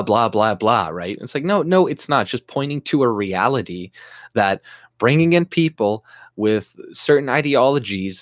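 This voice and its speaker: A man's voice: medium pitch, dry recording, clean studio sound. A man delivering an agitated, profane, sarcastic political rant to camera, often restarting his sentences. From Canada. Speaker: YouTube commentator.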